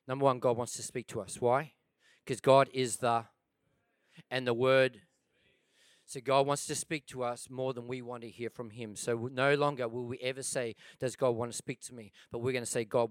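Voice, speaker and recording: A man preaching a sermon to his church, calling out "come on" and moving between loud, driving passages and quiet, drawn-out emphasis. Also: mid-range voice, no echo, clean studio sound. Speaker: pastor.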